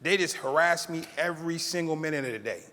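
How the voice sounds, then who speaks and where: The long echo of a big hall surrounds this middle-aged keynote speaker as he rapidly recounts his life story to an audience. His voice is a little high, and he's animated, acting out the voices of people he quotes with occasional laughter.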